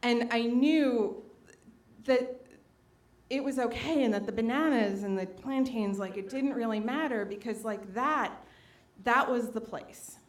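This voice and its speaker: A woman in her late twenties telling a personal story on stage, conversational, with many fillers, acting out the quotes. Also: measured pace. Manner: conversational, many fillers, acts out quotes with big pitch jumps. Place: stage at a live storytelling event.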